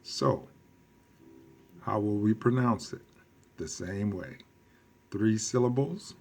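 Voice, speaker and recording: A man teaching a recorded lesson, speaking slowly, quizzing his class and repeating key phrases for emphasis. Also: lowish voice, a little mellow. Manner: slow and deliberate, quizzing the class. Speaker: Spanish teacher.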